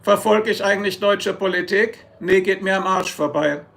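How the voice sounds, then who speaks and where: High, gravelly German-accented man. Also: moderate pace, fairly bright tone. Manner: joking, rambling, reads and answers chat. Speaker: livestream host. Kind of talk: casual live-stream chat.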